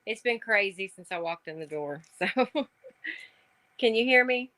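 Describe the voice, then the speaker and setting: A woman's voice: mid-range voice, expressive, a little slow, sharp tone, no room sound. A woman from Kentucky with a Southern accent, talking casually as a guest on a live stream call, rambling with lots of "like". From Kentucky, USA. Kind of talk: casual chat. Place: outdoor patio at night.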